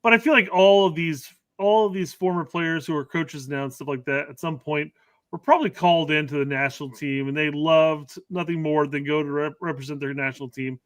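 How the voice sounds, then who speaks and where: A man's voice: on the high side, brisk, a bit bright, no echo. A man co-hosting a casual soccer podcast, rambling and hedging with fillers. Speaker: podcast co-host. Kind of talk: casual sports chat.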